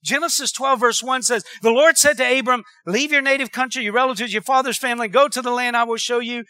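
A man's voice: extremely high pitch, steady tone, fast talker, bright, forceful tone, no room sound. A man preaching a sermon, telling stories and calling out for amens. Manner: preacherly, calls for amens, conversational storytelling. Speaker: pastor.

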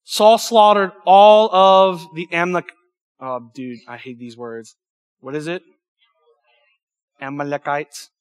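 A young man preaching a youth sermon in an animated, emphatic way, with stumbles and asides. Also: fairly high pitch, slow pace, pauses often, smooth. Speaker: youth pastor.

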